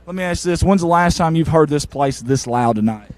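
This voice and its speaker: A man, reporting from the sideline of a football field after a game and interviewing people with eager, warm praise. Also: fairly high pitch, a little fast, dry recording. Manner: excited, warm toward players, repeats "I'm gonna tell you something".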